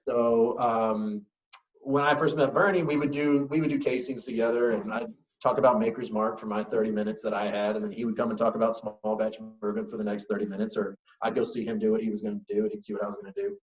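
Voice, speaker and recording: A fairly low, fairly even male voice speaks quickly as a whiskey brand ambassador swaps stories as a guest in a casual interview. He's easygoing and chuckles often, though the remote audio is echoey, dull, and lo-fi.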